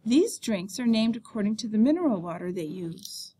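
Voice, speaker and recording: A woman teacher reading a beginner French textbook lesson aloud, saying the French words slowly and clearly. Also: mid-range voice, big pitch swings, mellow.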